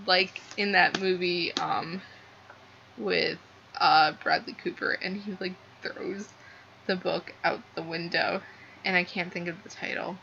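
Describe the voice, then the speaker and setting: Gushing young woman, bright lo-fi voice. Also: mid-range voice, fairly even intonation, unhurried. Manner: gushing, rambling, heavy use of "like". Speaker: book reviewer. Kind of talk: casual book review vlog. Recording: slightly dull lo-fi sound with faint noise.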